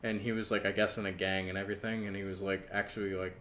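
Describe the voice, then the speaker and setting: Laid-back, low-voiced young man, laughing, rambling. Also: level tone, fast, a bit bright. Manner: rambling storyteller, swears a lot, laughs often. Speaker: podcast co-host. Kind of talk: casual chat.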